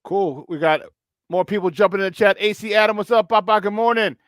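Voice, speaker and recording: High-voiced animated sports talk host. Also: male voice, fairly quick, no room sound, clean studio sound. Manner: animated, swings loud and soft, laughs often. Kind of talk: casual sports talk, reading live chat.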